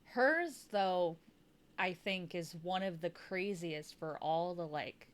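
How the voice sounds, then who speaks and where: A woman's voice: fairly high pitch, a bit bright. A woman streamer chatting casually, swearing freely and laughing often.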